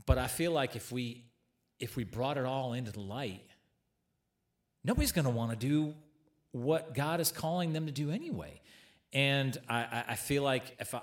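A man co-hosting a casual church chat, earnest, restarting his words, with dry quips. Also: medium pitch. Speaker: co-host.

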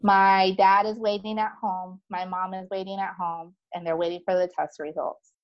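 A woman telling her own story in casual conversation as a guest, chatty and animated, with many fillers, voicing the people in it. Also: mid-range voice, moderate pace, muffled recording.

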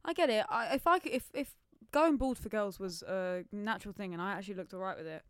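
A woman's voice: medium pitch, fast, fairly bright tone, clean tone, no echo, clean studio sound. A young woman, co-hosting a podcast in a playful, teasing way. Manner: playful, teasing, laughs often. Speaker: podcast co-host. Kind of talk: casual chat.

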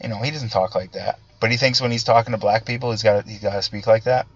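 A man hosting a casual political monologue, talking in halting bursts with many restarts and fillers. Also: on the low side, fairly even intonation, dull audio. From Italian-American background. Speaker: political commentary host.

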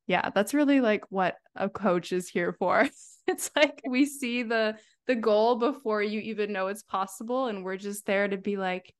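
A woman hosting a podcast, chatting casually and warmly effusive, laughing often and acting out remembered exchanges. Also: mid-range voice, clear, resonant tone. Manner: effusive, quick to laugh, acts out quoted voices. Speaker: podcast host. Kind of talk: casual chat.

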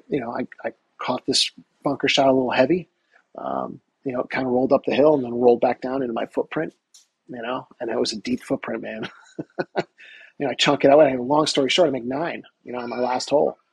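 A middle-aged man, a golf professional, telling stories in a casual interview with lots of energy, talking in quick bursts. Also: medium pitch, gravelly, slightly rough, dry recording, rough recording. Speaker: guest, touring golf professional.

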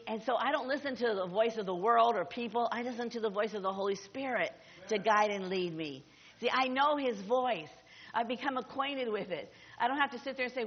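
A middle-aged woman pastor delivers an emphatic, exhorting sermon in a slightly high voice, circling back over her phrases. Long reverb trails her words through a large hall, and the recording sounds dull and muffled.

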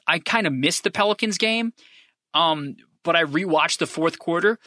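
Profane, bright-voiced basketball fan ranting. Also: medium pitch, no room sound, clean studio sound. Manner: profane, impassioned, rapid-fire; drops to a quieter, rambling tone. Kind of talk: sports opinion rant.

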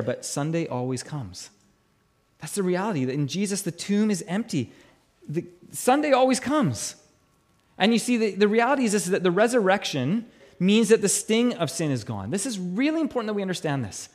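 A male pastor delivers a sermon in a high voice. He presses his points by repeating them, swells at his key lines and sinks to a hush on the grave ones. He often restarts with stammered repeats. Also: lively intonation, brisk. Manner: emphatic, repeats key phrases, voice swells and drops low for weight.

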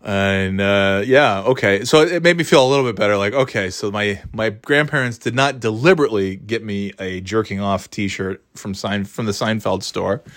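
A man casually telling a funny personal story, animated and acting out the dialogue, laughing often. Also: lowish voice. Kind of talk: casual anecdote.

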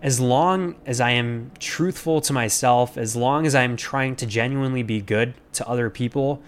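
A man's voice: medium pitch, moderate pace, smooth. A man hosting a podcast, talking in an earnest, rambling way with many fillers and restarts as he reflects aloud. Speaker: podcast host. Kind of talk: casual reflective monologue.

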